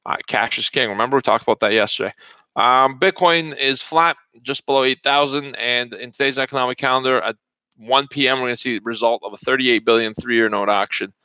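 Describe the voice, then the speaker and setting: A man's voice: mid-range voice, fairly quick, pushed and bright, clear, resonant tone, no echo. A man hosting a live market update stream, chatting casually and greeting viewers by name as he runs through prices. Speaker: day-trading host. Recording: dull lo-fi stream audio.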